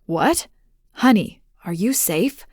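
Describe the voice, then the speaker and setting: A woman voicing a frantic billionaire father who pleads gently and urgently with his missing daughter, in an audiobook. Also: mid-range voice, lively intonation, slow, slightly rough, no room sound, clean studio sound. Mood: anxious, pleading. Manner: urgent, pleading, soft-spoken to a child. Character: frantic billionaire father, male, middle-aged. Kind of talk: audiobook dialogue.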